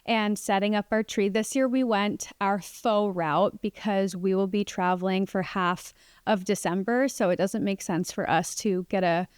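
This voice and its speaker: A woman's voice: medium pitch, clear, resonant tone, no echo, clean studio sound. A young woman hosting a casual solo podcast, chatting about family life with lots of "like" fillers. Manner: chatty, warm, many "like" fillers. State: pregnant. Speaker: podcast host.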